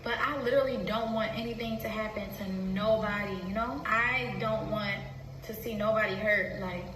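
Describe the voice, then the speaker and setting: A young woman talking about herself in a halting, hesitant way, with many fillers, close to tears. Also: medium pitch, steady tone, recorded from a distance, noisy background. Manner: halting, full of fillers, soft-spoken. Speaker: vlogger. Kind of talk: emotional personal confession. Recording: echoey room, from the mic.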